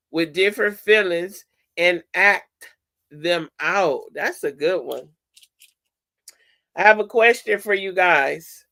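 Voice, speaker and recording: A woman giving an informal podcast lesson at an unhurried pace, her bright, forward tone edged with gravel. She keeps drawing listeners in with fill-in-the-blank questions and restarts her sentences as she goes. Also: mid-range voice. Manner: asks the audience rhetorical fill-in questions; restarts and corrects herself mid-sentence. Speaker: podcast host presenting a segment. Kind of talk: informal teaching talk to listeners.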